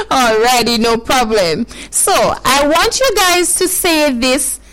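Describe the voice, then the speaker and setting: Slow, lively high-voiced woman coaching kids. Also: rough recording. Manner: playful, encouraging, drawn-out coaching. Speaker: host leading children's tongue twisters. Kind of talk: live call-in with children.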